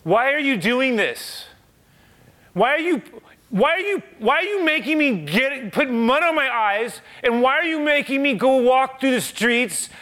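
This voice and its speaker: Man doing a blind man, pleading and shrill, loud repeated questions. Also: lively intonation, exaggerated voice. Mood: exasperated. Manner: shrill, exasperated, rapid questioning.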